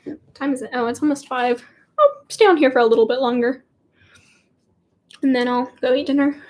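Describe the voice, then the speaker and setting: On a casual livestream, a teenage host answers viewer questions in a giggly, chatty, rambling way. She has a high voice and talks at normal speed.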